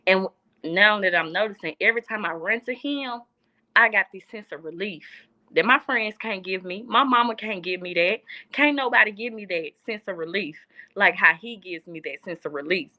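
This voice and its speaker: Young woman, casual chat, earnest, bright forceful tone, kinda muffled lo-fi audio. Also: medium pitch, moderate pace. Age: young adult. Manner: earnest, heartfelt, repeats herself for emphasis. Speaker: guest.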